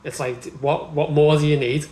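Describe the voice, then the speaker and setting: A man with a Liverpool accent chatting casually about football as a podcast co-host, ranting and swearing with animated laughter. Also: on the high side, moderate pace, roomy sound, poor audio.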